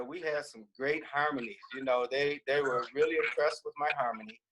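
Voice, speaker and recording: A man, a singer in a vocal group, telling a lively story on a video call. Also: mid-range voice, fairly quick, noisy background. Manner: animated, laughing storyteller.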